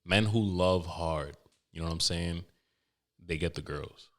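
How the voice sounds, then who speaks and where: Brief: young male podcast host, low voice, profane, emotional, rambling with restarts. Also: measured pace, fairly bright tone. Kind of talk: casual podcast monologue.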